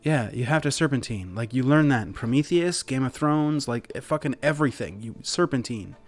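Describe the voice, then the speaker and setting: A man's voice: mid-range voice, animated, normal speed, faint music behind. A man narrating as game master in a casual, rambling way, with many fillers.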